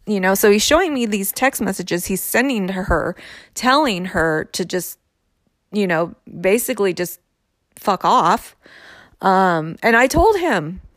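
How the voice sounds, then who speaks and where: A woman's voice: mid-range voice, no echo. Woman telling a personal story, dry sound. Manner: candid, conversational with frequent fillers.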